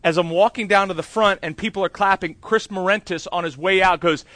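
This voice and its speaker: Bright-voiced man telling a candid sermon story. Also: high voice, fairly even intonation, brisk, no room sound. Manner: candid, self-deprecating storyteller; chatty with many fillers and asides. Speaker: pastor.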